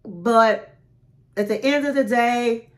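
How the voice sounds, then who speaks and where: A woman hosting a casual reality TV recap, telling it in a sassy, animated way and calling the listener honey. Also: fairly high pitch, slow.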